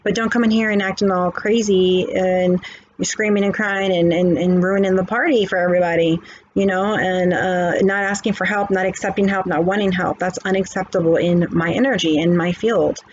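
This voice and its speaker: A woman's voice: fairly low pitch, steady tone, normal speed. Woman spiritual reader, preachy and chatty, dull lo-fi mic with faint hiss. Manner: preachy pep talk, repeating "okay". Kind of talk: casual chat.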